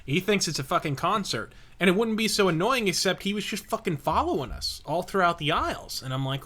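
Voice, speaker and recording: A high-pitched man tells a story, cursing freely and laughing. His pitch swings widely and his tone is bright and sharp. He speaks in a casual gaming-commentary style. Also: a little fast, few pauses. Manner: profane, animated, laughing anecdote. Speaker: host.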